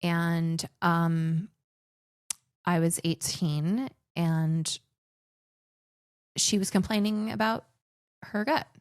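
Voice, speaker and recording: A woman's voice: lowish voice, fairly even intonation, extremely slow, long pauses, smooth, no room sound, clean studio sound. Chatty woman guest telling stories. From grew up in the Philippines. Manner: chatty, restarts sentences often. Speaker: podcast guest. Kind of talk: casual conversational storytelling.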